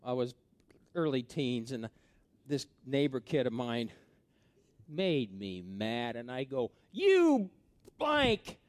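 A middle-aged pastor preaching a sermon and telling stories from his youth, swinging between hushed asides and loud, excited stretches. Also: mid-range voice, slow pace, long pauses, no echo.

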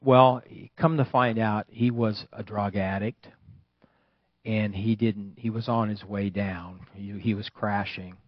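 Older male preacher, lively storytelling sermon, flat dull dry sound. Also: fairly low pitch, takes it slowly, no echo. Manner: storytelling preacher, swings from hushed to loud exclamations. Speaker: pastor.

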